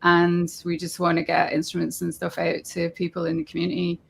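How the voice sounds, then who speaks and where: A woman's voice: fairly low pitch, completely flat delivery, a little fast, vocal fry, breathy edge. A woman from a music charity, talking casually in an interview with lots of fillers. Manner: chatty, loose, with fillers. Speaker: charity representative.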